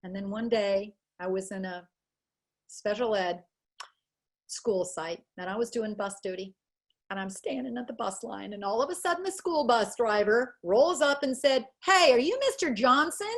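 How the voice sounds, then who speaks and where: A woman's voice: medium pitch, normal speed. A woman psychologist giving an earnest, emotional webinar talk over a video call, acting out the people in her stories. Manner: earnest, emotional, acts out quotes. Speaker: guest speaker, educational psychologist.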